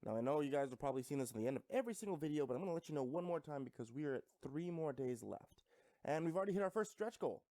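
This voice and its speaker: A man calmly reading out a scripted first-person story. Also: fairly high pitch, very fast, no echo. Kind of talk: scripted narration.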